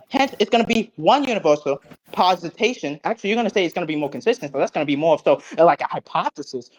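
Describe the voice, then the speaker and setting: A man recapping an online debate, cocky and profane, lecturing in logic jargon with loud bursts and low mutters. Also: highs cut off.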